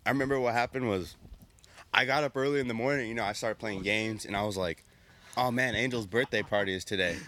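A young man with a fairly low voice tells a story among friends. He talks in a relaxed, animated way and acts out what everyone said. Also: fast, slight background noise. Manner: animated, acts out quoted dialogue. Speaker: podcast co-host.

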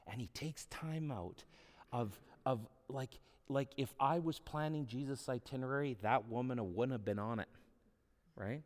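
A male pastor preaches at a mid pitch, relaxed and humorous, retelling stories as if chatting. His voice carries with a long reverb through a large hall. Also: unhurried. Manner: conversational, humorous storytelling. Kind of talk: sermon.

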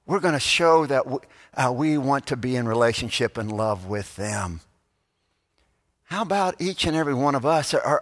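A man's voice: a little high, fairly bright tone. A male pastor giving a sermon, telling stories and acting out the people in them. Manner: storytelling, voices quoted characters. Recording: long church reverb.

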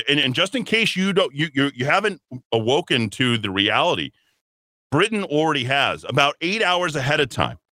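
A man's voice: medium pitch, bright, forceful tone, no room sound. A man hosting a political talk radio show, delivering a combative, emphatic monologue with a mocking edge.

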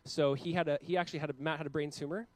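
A man in his thirties preaching a sermon as a pastor, earnest, with loud emphatic peaks and quiet, slowed passages. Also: fairly high pitch, fairly even intonation, no echo, poor audio.

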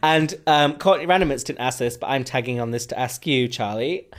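A man's voice: mid-range voice, fairly quick. A man co-hosting a podcast in casual chat, laughing often and reading listener questions aloud. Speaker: podcast co-host.

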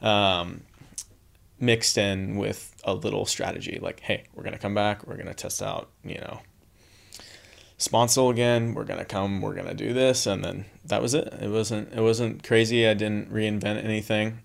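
A young man from Southern California, a guest on an interview, recounting events in a relaxed, easygoing way. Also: fairly low pitch, moderate pace, gravelly. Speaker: beach volleyball player and coach, guest. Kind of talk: casual interview storytelling.

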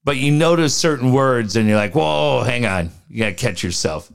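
A man's voice: medium pitch, brisk, clean tone. A man co-hosting a sports radio show, chatting casually, telling stories with lots of swearing and acted-out quotes. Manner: animated storyteller, swears freely, acts out quoted voices.

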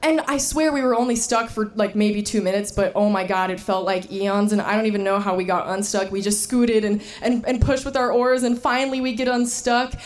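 A woman telling a personal story to a live audience, animated and emphatic, laughing now and then. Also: medium pitch, a little fast, hardly any pauses.

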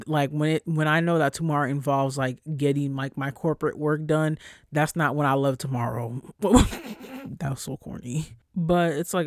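A podcast host venting in a loose, profane monologue, fed up and animated. The pitch sits in the middle, and the close, dry sound carries almost no room around the voice. Quoted coworkers get mocking high voices. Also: dry recording. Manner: profane, exasperated, animated storytelling. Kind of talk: casual solo rant.

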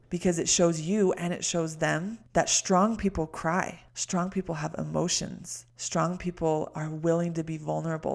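A woman with a low voice and a gravelly edge walks the listener through an idea in a calm, explanatory way. She speaks straight to the listener, like a coach on a solo podcast.

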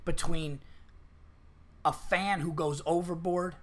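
Podcast host, male, a bit high, bright and forceful tone, swears freely, acts out quotes. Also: fairly even intonation, slow pace. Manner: profane, rambling storytelling with acted-out quotes. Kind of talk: casual podcast chat.

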